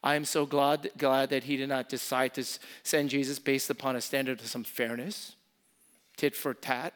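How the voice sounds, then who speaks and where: A man preaching a sermon as pastor, impassioned, repeating key phrases and swinging from loud emphasis to soft, intimate asides. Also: mid-range voice, flat delivery, moderate pace.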